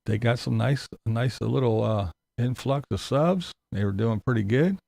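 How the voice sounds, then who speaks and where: A man's voice: mid-range voice, moderate pace, gravelly, darkish tone, no room sound. A man giving a sarcastic, profane ranting commentary as a YouTube commentator.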